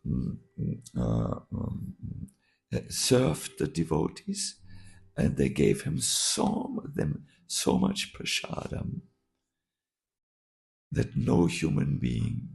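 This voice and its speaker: A man, a monk, telling a story while teaching a scripture class, halting with many fillers and restarts. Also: mid-range voice, vocal fry, darkish tone.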